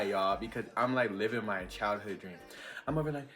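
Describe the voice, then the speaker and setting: A young man telling a casual storytime vlog, chatty and animated with lots of fillers. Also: on the low side, fairly quick, faint music behind. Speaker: vlogger.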